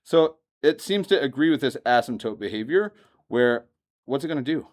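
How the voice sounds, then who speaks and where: A man's voice: medium pitch, normal speed. Guy teaching math in a classroom, chatty, pokes fun at himself, keeps asking questions. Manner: lively, asks students questions, self-joking. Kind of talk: classroom lecture.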